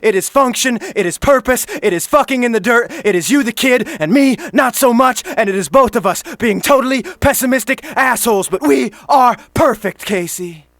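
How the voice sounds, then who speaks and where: Intense high-voiced male slam poet, dry. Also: normal speed, few pauses, no room sound. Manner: intense and emphatic, building from low murmurs to shouting. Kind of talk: spoken word poetry performance.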